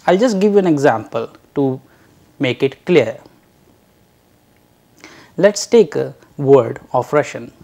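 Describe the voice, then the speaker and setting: A language teacher giving a recorded lecture, drawing out each letter sound slowly and carefully for learners to repeat. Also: mid-range voice, expressive, creaky, mellow.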